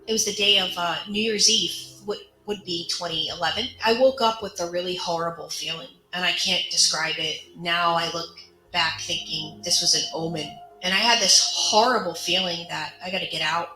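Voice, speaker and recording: A woman's voice: fairly low pitch, fairly even intonation, moderate pace, pushed and bright, soft background music. Earnest woman telling her own story. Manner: earnest, candid and conversational. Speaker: survivor sharing her story. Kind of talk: personal storytelling monologue. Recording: roomy echo.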